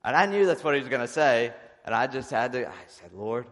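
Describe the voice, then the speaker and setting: A man, a visiting evangelist, telling his testimony in an animated way, restarting often. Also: mid-range voice, quick pace. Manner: animated storytelling with frequent restarts. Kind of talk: testimony preaching. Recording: long reverb in a hall.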